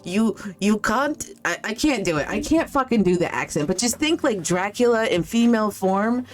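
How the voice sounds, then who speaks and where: A woman's voice: medium pitch, lively intonation, brisk. A woman game streamer in a rambling casual chat with her viewers, swearing freely and telling stories between greetings.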